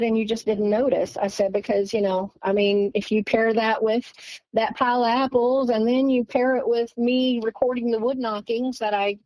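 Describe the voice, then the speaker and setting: A woman's voice: no room sound, rough recording. A woman casually telling a story as a guest, quoting herself and her boyfriend back and forth, often with "he goes" and "I said.". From East Texas. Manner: retells dialogue with many "he goes" and "I said"; animated, rises in pitch when quoting.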